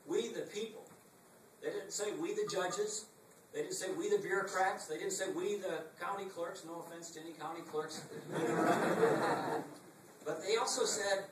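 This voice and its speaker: Middle-aged man, higher pitch, emphatic political speaker, echoey room recorded from afar. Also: measured pace, far from the mic, a little hiss or hum. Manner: emphatic, rhetorical repetition, wry asides. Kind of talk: campaign stump speech. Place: packed meeting room.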